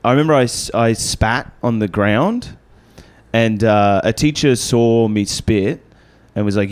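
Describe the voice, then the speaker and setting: A man's voice: fairly low pitch, unhurried, clean tone. Laid-back man telling a story. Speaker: guest comedian. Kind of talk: casual comedy chat.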